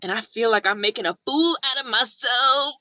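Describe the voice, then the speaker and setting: A woman's voice: on the high side, normal speed, dry recording. A young woman from California telling a story in a casual vlog, chatty, full of "like", acting out what people said. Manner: chatty, lots of "like", animated quoting. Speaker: vlogger.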